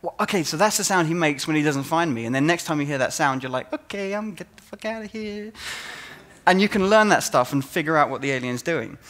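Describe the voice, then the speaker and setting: Man giving an animated conference talk. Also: a little high, fast, hardly any pauses. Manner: animated storytelling, acts out players' reactions. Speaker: conference speaker, game designer.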